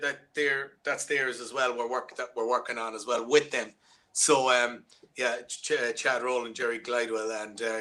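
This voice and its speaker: Here an Irish man, a musician, is the guest in a casual interview conducted by video call. He has a medium-pitched voice with a bright, forceful tone and speaks loosely, rambling with frequent restarts and fillers.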